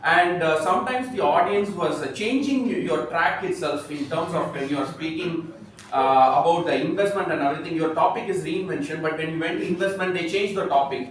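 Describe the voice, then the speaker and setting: A man giving a spoken speech evaluation at a club meeting, halting and full of fillers. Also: on the high side, fairly bright tone. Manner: halting, many fillers and restarts. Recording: echoey room, far from the mic, some noise.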